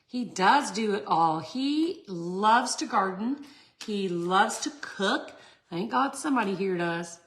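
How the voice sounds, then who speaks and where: A woman's voice: medium pitch, expressive, takes it slowly. A chatty middle-aged woman, hosting a casual craft tutorial and talking to her viewers. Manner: chatty, laughs often, talks to viewers. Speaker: resin art tutorial host.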